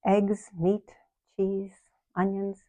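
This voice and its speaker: A woman in her sixties, the channel host, telling her personal story to camera in a slow, earnest way with soft laughs. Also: medium pitch, little pitch movement. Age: 60s.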